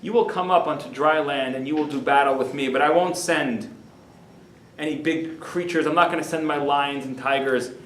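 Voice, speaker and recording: A man voicing a solemn divine voice from heaven, speaking low and hushed in a roomy hall. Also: slight background noise, natural voice. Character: stern voice from heaven, male deity.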